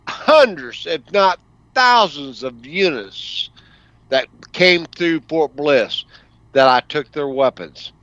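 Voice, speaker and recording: A man's voice: fairly high pitch, fairly bright tone, no room sound. A middle-aged man and army veteran, a plain-spoken guest in casual chat who talks in a fatherly way. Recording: dull, dry recording.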